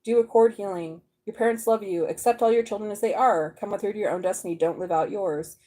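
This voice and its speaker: A woman giving a live tarot reading, reading card texts aloud and breaking into excited exclamations and laughter. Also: mid-range voice, quick pace. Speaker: tarot reader.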